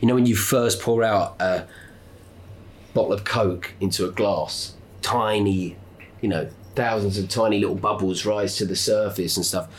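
Guy on a podcast, lowish voice, laughs a lot, swears here and there. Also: normal speed. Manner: animated, laughs often, swears casually. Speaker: podcast co-host. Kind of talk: casual storytelling chat.

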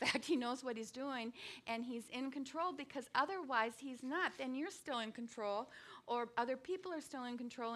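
An older woman delivers a sermon in a casual, personal way. Her voice is bright and a touch high. She circles back on her words and breaks into sudden animated moments. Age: 60s or older. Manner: conversational, with many restarts and sudden bursts of animation. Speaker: speaker giving a devotional talk.

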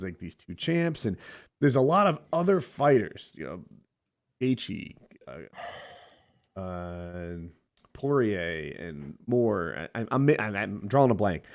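A man's voice: mid-range voice, a little mellow. A man co-hosting a casual sports talk show, rambling with restarts and filler words. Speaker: podcast co-host.

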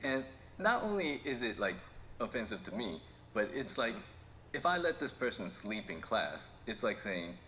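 A man's voice: on the low side, sing-song, moderate pace, sharp tone, slight background noise. A man co-hosting a podcast in casual chat, rambling and laughing often as he tells stories. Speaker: podcast co-host.

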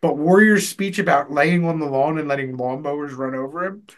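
A man's voice: fairly high pitch, brisk. A man co-hosting a podcast, chatting casually, swearing and telling stories. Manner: swearing, storytelling, animated. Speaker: podcast co-host. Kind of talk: casual chat.

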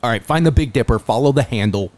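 A man's voice: mid-range voice, fast, a little mellow. A laid-back man co-hosting a podcast, chiming in during casual chat and swearing casually. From Phoenix area, USA. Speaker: podcast co-host.

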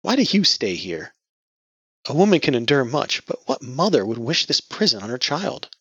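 A grieving young woman, bitter and defiant, her voice raised close to tears, as a male narrator puts her on. The voice is tense and breathy, recorded dull and lo-fi. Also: medium pitch, very animated, moderate pace, a bit bright, no room sound, voice pushed up, heavily acted. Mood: anguished. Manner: emotional, raised voice near tears. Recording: dull lo-fi audio.

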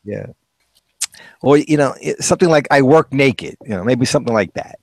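Animated, chatty man telling stories. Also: medium pitch, brisk, vocal fry, slightly rough, no room sound. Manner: storytelling, chuckling, acts out quoted voices. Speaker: co-host. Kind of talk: casual chat.

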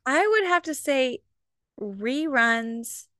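A woman's voice: high-pitched, expressive, slow, a bit bright, no echo, studio quality. A woman co-host asking questions in an upbeat, giggly way. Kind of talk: casual chat.

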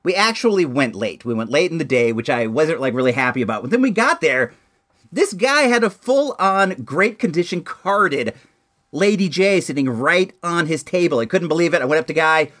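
A man casually chatting to the camera about an action figure in his collection, laid-back and excitable, peppering his talk with "like" and "dude". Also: on the high side, moderate pace. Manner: excitable, voice jumping up and down.

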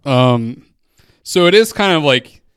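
A man's voice: on the high side, expressive, slow, a bit bright, clear, resonant tone, dry recording, studio quality. A man hosting a poetry interview, talking in a casual, enthusiastic way and swearing freely. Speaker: podcast host and interviewer. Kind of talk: casual conversation about poetry.

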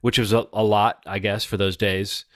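A man's voice: on the low side, little pitch movement, moderate pace, fairly bright tone, no echo, clean studio sound. A man in his forties talking through a movie on a podcast, thoughtful and hesitant, with many restarts. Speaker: podcast co-host. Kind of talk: casual film discussion.

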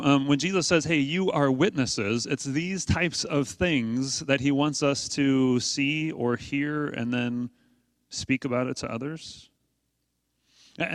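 A man's voice: mid-range voice, no echo. A man preaching a sermon to his congregation in a conversational way, asking rhetorical questions and leaning hard on key points. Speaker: pastor.

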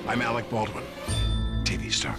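Actor playing a smug alien TV pitchman for a comic commercial, smooth and mock-sinister, over music. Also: lively intonation, normal speed, lightly acted.

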